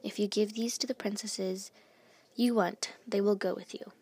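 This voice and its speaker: Woman playing a mysterious animal-keeper, sweet voice, gentle, reassuring. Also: mid-range voice, steady tone, moderate pace, husky. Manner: soft and reassuring.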